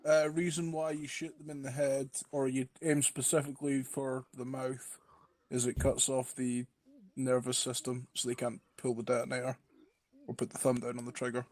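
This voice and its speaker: A man in casual voice chat, adding a measured, explaining comment as a unit member. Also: mid-range voice, level tone, darkish tone.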